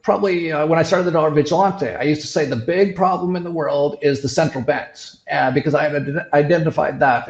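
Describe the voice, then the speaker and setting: A man's voice: on the high side, reverberant, muffled recording. A middle-aged man from Canada talking casually in an interview, rambling with many restarts and fillers. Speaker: show host.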